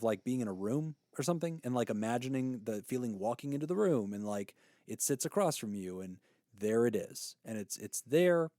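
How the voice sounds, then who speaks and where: Animated man explaining on a podcast. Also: medium pitch, dry recording, studio quality. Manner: animated, explanatory, laughs easily. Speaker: podcast co-host, therapist. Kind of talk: casual podcast chat.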